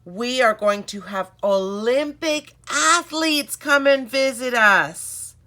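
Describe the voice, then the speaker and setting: A woman's voice: a little high, expressive, slow pace, pushed and bright, exaggerated voice. A woman voicing a classroom teacher announcing news to her class.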